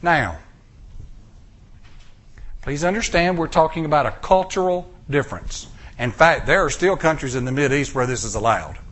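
An American man preaching a sermon, retelling a scripture story with drawn-out pauses and acted-out character lines. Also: on the high side. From United States. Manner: storytelling, acting out characters' lines in lively voices.

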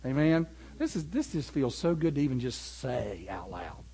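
A man preaching a sermon, animated and building to emphatic peaks. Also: medium pitch, moderate pace, husky.

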